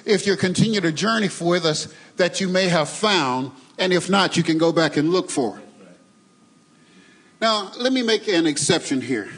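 Man, preacher, husky higher voice, emphatic sermon cadence, talks back and forth with the congregation. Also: rough recording. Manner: emphatic, call-and-response with congregation, sing-song cadence. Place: church sanctuary.

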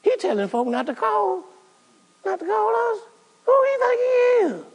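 A man voicing indignant religious leaders of old, in a high, outraged, mocking tone. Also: big pitch swings, normal speed, long reverb tail.

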